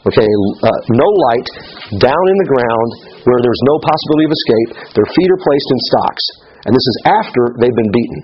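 Animated and a little fast, a middle-aged man with a mid-range voice teaches a Bible study in a conversational way, often checking in with listeners. The recording is slightly muffled with a little hiss or hum.

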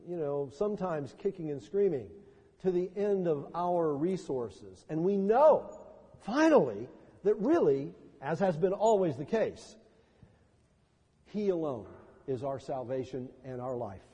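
High-voiced preaching man, church reverb. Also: husky. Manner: impassioned preaching, rising to loud cries. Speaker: pastor. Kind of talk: sermon. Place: church sanctuary.

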